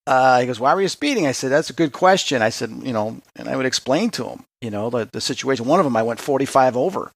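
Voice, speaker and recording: A male host with a mid-range voice recorded dry and close. He talks casually and tells stories in an animated way, laughing easily. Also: mid-range voice, fast, creaky, few pauses, no room sound. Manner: lively, laughing anecdote teller. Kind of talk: casual interview talk.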